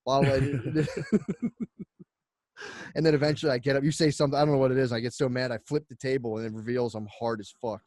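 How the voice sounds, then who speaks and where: A man's voice: steady tone, fast talker, a little mellow, no echo, studio quality. Rambling, laughing male podcast host. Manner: rambling, laughing, pitching bits in act-out voices. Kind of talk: casual comedy podcast chat.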